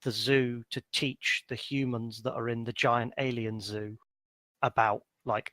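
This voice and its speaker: A man in a casual podcast chat, talking as the game master who ran the session. He rambles in an animated way with plenty of fillers. His voice sits at a middle pitch, and the recording is dry and close. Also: moderate pace, no room sound.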